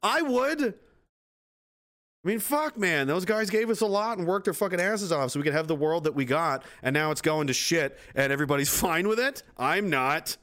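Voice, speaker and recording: Animated, profane man. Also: a little high, normal speed. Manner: rambling, profane, laughs at his own bits. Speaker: streamer reading viewer comments. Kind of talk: casual profane live-stream rant.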